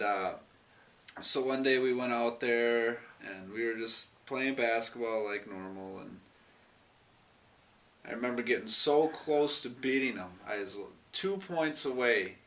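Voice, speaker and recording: With a medium pitch and a fairly bright tone, this man tells a rambling, affectionate story from his life in an interview, chuckling and restarting along the way. A distant mic picks him up with faint noise.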